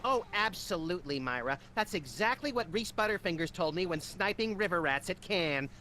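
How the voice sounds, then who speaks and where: An actor voicing a manic, wisecracking male rabbit-like sidekick in a cartoon adventure game, full of grandiose deadpan boasts. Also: high voice, moderate pace, slight background noise. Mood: boastful.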